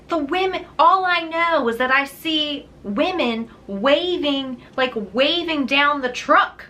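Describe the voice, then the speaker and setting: A woman book vlogger telling a story in a casual, animated way, laughing often. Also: high voice, a little slow, hardly any pauses. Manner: chatty, animated, laughs often, many fillers.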